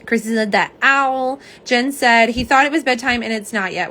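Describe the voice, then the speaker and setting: A tired woman hosts a casual nail polish livestream, chatting warmly and reading viewer comments aloud. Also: a little high, normal speed. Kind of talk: casual live-stream chat.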